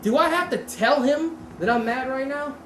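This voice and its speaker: In an echoey room with constant background noise, a high-voiced woman runs a martial arts seminar. She keeps a moderate pace and a casual tone, quizzing the class and correcting herself as she goes.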